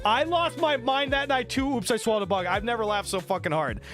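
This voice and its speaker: A man's voice: extremely high pitch, a little fast. A man streaming, telling stories to his chat in a loose, profane, laughing way. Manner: animated, profane, laughing storyteller. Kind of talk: casual storytelling to chat. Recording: music playing behind the voice.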